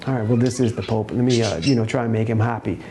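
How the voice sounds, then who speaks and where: A man's voice: fairly low pitch, fairly even intonation, fast talker, warm tone, slight background noise, lightly acted. A man playing a nervous, devout male chauffeur who stammers and hesitates, in a told joke. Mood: hesitant.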